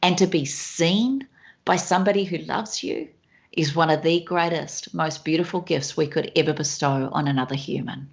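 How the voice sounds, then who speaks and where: Lively woman telling stories. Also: deep voice, moderate pace, vocal fry. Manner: enthusiastic, anecdotal, uses examples. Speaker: guest. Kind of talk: storytelling in a podcast interview. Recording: dull lo-fi recording.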